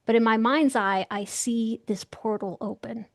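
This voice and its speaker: Animated young woman telling a story. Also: fairly high pitch, a little slow, no room sound, clean studio sound. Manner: animated, excitable, acts out voices in quotes. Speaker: guest. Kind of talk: storytelling interview.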